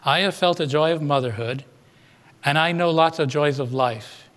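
A man's voice: a little high, normal speed, a bit bright. A man preaching a sermon, retelling a congregant's story and putting questions to his listeners. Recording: long hall reverb.

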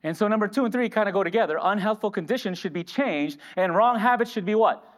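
In a reverberant church hall, a man preaches a sermon, putting questions to the congregation and answering them himself. His voice sits high and he talks fast.

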